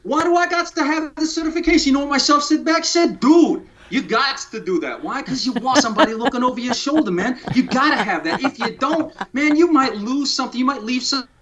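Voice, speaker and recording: A man's voice: very high voice, lively intonation, brisk, few pauses, pitched above the performer's own voice. A man putting on a brash New York guy. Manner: loud, cocky, laughing street talk. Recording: dull lo-fi sound.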